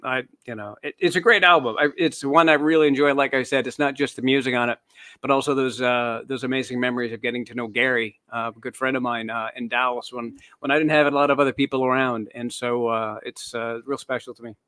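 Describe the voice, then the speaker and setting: A man's voice: mid-range voice, steady tone, fast, sharp tone, clear, resonant tone, dry recording. A man, the guest on a podcast, chatting casually and telling anecdotes with frequent laughs. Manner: storytelling, laughs often. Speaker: guest author.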